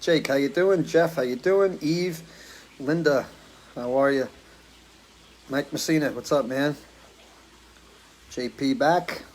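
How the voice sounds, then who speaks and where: Middle-aged Northeastern man, musician host, casual live-stream chat, mid pitch, voice a touch worn from singing. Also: slow pace, pauses often. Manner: relaxed, greets viewers by name one after another. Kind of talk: casual chat greeting viewers. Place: porch at home.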